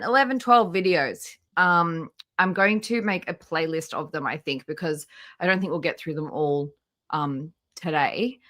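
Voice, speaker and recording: A woman hosts a relaxed livestream with a bright, forward tone. She chats easily, greets viewers one by one and laughs often. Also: fairly low pitch. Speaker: livestream host. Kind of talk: casual livestream commentary.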